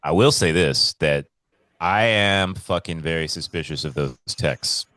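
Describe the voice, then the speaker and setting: A man co-hosting a casual podcast, telling stories in an animated, profane way. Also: rumbling low, unhurried, no echo. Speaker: podcast co-host.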